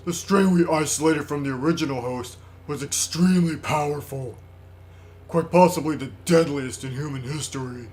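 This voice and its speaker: A man playing a sinister bird doctor villain, smug, measured, slow delivery, raised pitch, game dialogue. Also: darkish tone, a little hiss or hum, close to an everyday voice. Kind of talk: reading game dialogue aloud.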